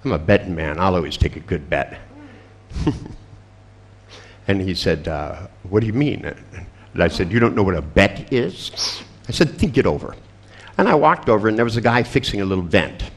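A man's voice: deep voice, lively intonation, moderate pace, long pauses, slightly rough. An older man telling a crude, funny story to a seminar audience. He laughs often and acts out the other people's lines. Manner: profane, laughing storyteller acting out dialogue. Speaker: seminar speaker.

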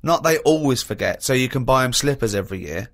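A man's voice: medium pitch, lively intonation, gravelly. A man co-hosting a radio chat, teasing the others and arguing points with big laughs. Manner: teasing, loud laughs, quick to argue. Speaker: radio co-host. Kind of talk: casual chat.

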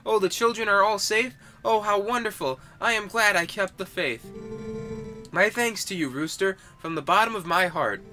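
A man voicing a gentle pregnant village mother who speaks tenderly in an old-fashioned way. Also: high-pitched, moderate pace, music in the background, pitched above the performer's own voice, close to an everyday voice.

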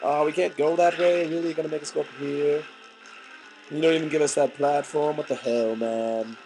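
A man with a sick, hoarse voice, making crude jokes as he talks over a video game. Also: fairly high pitch, moderate pace, faint music behind. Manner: joking, crude and excitable. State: hoarse from illness. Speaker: let's player. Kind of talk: casual gameplay commentary. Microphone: desk microphone.

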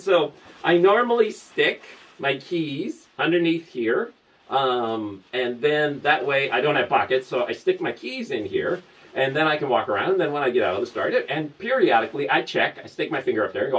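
A man telling lively stories to camera, laughing often and breaking into high squeals. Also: normal speed, distant mic, poor audio. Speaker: vlogger. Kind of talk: casual storytelling to camera.

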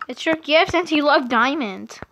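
A woman casually narrating her own video game play, chatty and excitable, rambling with lots of fillers, recorded at home. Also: sits high, normal speed, slight background noise. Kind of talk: casual gameplay commentary.

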